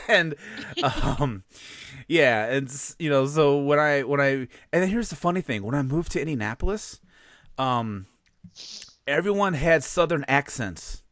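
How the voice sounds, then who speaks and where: A man's voice: on the high side, lively intonation, a little slow, a bit bright, no echo, clean studio sound. A man in his late thirties with a Chicago accent, co-hosting a podcast in rambling casual chat, often stopping to restart and laugh. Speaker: podcast co-host.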